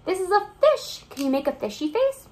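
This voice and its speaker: A woman's voice: very high voice, very animated, brisk, a little mellow. A young woman teacher reading a picture book aloud to young children, sing-song and encouraging, asking them questions as she goes. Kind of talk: children's read-aloud lesson.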